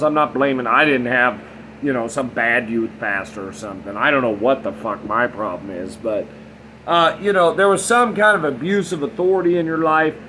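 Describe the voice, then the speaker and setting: A man's voice: mid-range voice, a bit bright, a little hiss or hum, poor audio. A man in his thirties talking bluntly and frankly in a casual monologue, rambling and swearing a lot. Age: 30s. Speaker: vlogger.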